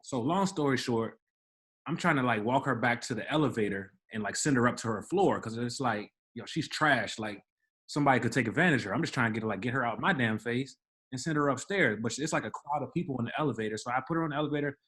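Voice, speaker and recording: Animated young man telling a story. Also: mid-range voice, fast. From Washington DC area, Maryland. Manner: animated storyteller, acts out quoted voices. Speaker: podcast co-host. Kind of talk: casual storytelling chat.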